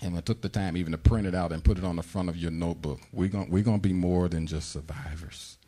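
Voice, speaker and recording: A middle-aged man preaching with fervor, his voice low and mellow with a husky edge. He slips into high, pleading prayer voices as he teaches. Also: fairly even intonation, quick pace. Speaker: pastor. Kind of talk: sermon.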